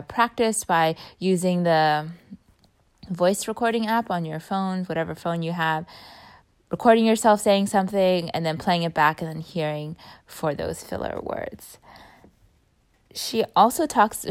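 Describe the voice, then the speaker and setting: A young woman talks in a relaxed, chatty way, leaning on fillers and letting her sentences fade. Her voice sits a little on the low side. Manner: chatty, many fillers, trails off softly. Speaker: vlogger recapping a speaking workshop. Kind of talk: casual chat.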